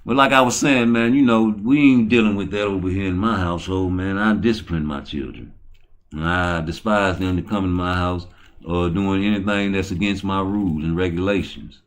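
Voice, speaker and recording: A man hosting his own channel, talking in a profane, boisterous, rambling way that swings between low mutters and loud excited bursts. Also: normal speed. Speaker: channel host. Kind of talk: rambling livestream talk.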